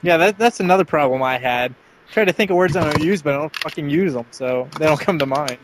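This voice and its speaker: Man podcast co-host, crude jokester, a bit high-pitched, faint hiss behind. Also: fast talker. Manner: blunt, crude, joking, laughs often. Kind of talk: casual podcast chat.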